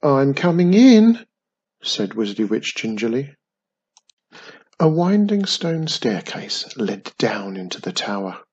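Brief: male children's storyteller, breathy tone, lively pitch. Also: measured pace, muffled recording.

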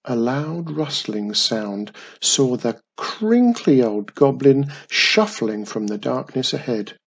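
A man narrating a children's story in a gentle, expressive way. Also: mid-range voice, slow, vocal fry, few pauses, slightly rough.

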